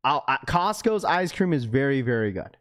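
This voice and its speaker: A young man hosting a live stream chats loosely and slangily with his viewers, laughing often. His medium-pitched voice is sing-song and a bit bright, at normal speed.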